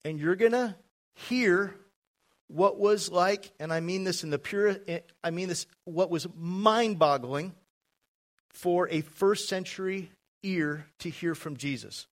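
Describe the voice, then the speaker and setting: A man's voice: sits high, slow pace. A man preaching a sermon, emphatic and addressing the congregation directly with asides. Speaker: pastor.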